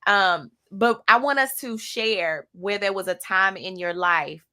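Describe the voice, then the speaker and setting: A woman's voice: medium pitch, unhurried, bright, forceful tone. A woman hosting a radio talk show, speaking earnestly about faith and hard times, often restarting her sentences. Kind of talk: casual talk show discussion.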